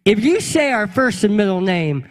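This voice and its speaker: A young adult man, a pastor, telling a funny childhood story in an animated way and acting out the voices of the people in it. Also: high-pitched, moderate pace, in a large hall. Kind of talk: storytelling sermon.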